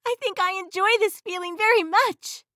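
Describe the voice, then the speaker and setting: Woman playing an innocent genie servant, loud and high-pitched, eager and dry-sounding. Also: moderate pace, dry recording.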